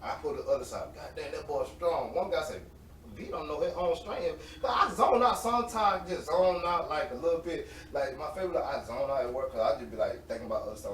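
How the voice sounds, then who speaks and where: A man in his late twenties, an interview guest, telling animated, slangy stories and laughing often. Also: fairly high pitch, a little fast. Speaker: interview guest, semi-pro football player. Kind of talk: casual storytelling. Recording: roomy, distant mic with faint noise.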